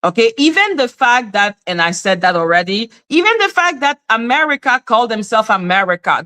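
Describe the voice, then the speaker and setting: A Canadian woman on a live stream, ranting emphatically in casual talk, swearing and mimicking other people in high voices. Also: sing-song, a little fast, few pauses, bright, forceful tone. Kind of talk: heated casual rant.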